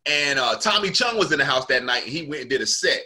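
A man's voice: a little high, animated, quick pace, pushed and bright. A male comedian in casual conversation, animatedly telling a story and acting out what people said.

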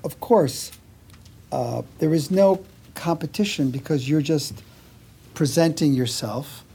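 Interviewer, husky voice, mid pitch, measured, hesitant fillers. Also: mellow. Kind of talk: conversational interview.

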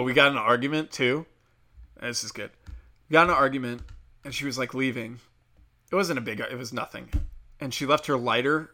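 A man's voice: medium pitch, sharp tone. A man hosting a solo podcast, talking in a crude, profane, rambling monologue. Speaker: podcast host.

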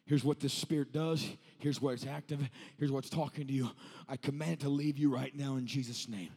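A male evangelist in his thirties, preaching a revival sermon that moves from telling a story to shouting. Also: mid-range voice, steady tone, a little fast, breathy edge, big-room sound.

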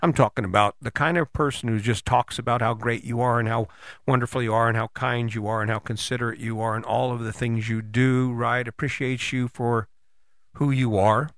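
A man's voice: medium pitch, a little fast, dry recording, clean studio sound. A man giving a direct, coaching motivational monologue, talking straight to the listener and acting out imagined conversations. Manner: animated, acts out imagined dialogue.

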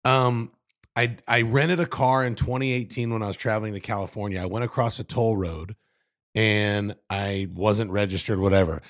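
A man co-hosting a casual chat, telling stories in an animated way with plenty of filler. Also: lowish voice, moderate pace. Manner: animated storyteller, fillers like "dude". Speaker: podcast co-host.

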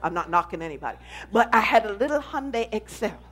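A woman pastor giving an animated sermon testimony, telling her story with emphasis. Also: mid-range voice, fast talker.

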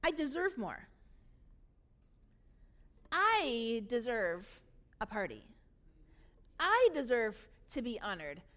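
A woman's voice: on the high side, sing-song, takes it slowly, long pauses, fairly bright tone, full character voice. A woman voicing a resentful, self-righteous older brother who complains insistently that he deserves more. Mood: indignant.

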